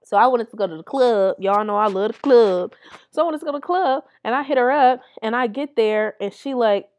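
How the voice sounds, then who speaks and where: A woman's voice: a little high, a little fast, a little mellow. A young adult woman hosting a podcast, telling candid stories in a blunt, profane way and laughing as she goes. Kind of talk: candid storytelling chat.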